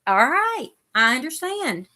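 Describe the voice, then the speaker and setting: A woman hosts a relaxed live chat, reading out viewer comments between crochet stitches. Her voice sits a little high and rings bright and clear. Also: a little slow. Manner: chatty, reads viewer comments aloud while crocheting. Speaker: host.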